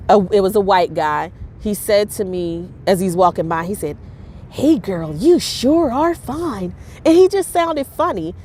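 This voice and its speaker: A woman talking candidly to camera in a personal vlog, halting, with many fillers and restarts. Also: on the low side, a little hiss or hum. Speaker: vlogger.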